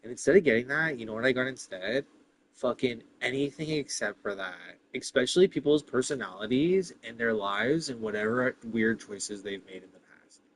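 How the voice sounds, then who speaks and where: A man's voice: medium pitch, moderate pace, slight background noise, rough recording. Profane, ranting young-sounding man. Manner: profane, exasperated storytelling; many "like" fillers. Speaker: vlogger. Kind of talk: casual rant.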